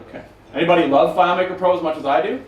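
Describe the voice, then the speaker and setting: Mężczyzna, bezpośredni i wulgarny, w pogłosie sali. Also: male voice, on the high side, steady tone, very fast, muffled recording. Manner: blunt, profane, joking. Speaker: conference speaker taking questions. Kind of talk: casual talk with audience Q&A. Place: conference room with an audience. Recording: roomy, from a distance, faint noise.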